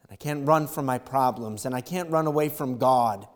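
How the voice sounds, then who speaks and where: A man preaches a sermon at an ordinary mid pitch, dropping low and quiet before rising into loud, impassioned calls. His voice rings with a long reverb, as in a large church hall. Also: normal speed. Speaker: pastor.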